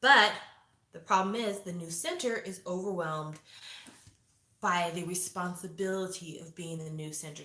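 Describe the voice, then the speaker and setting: A woman in her forties chatting casually to viewers, opinionated and lively, acting out quotes as she reviews a show. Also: on the low side. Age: 40s. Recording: echoey room.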